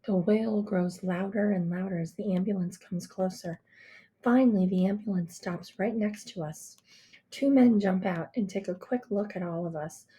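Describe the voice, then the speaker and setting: Vrouw die een verhaal zacht vertelt. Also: female voice, mid-range voice, moderate pace, mellow. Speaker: audiobook reader. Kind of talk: first-person storybook narration.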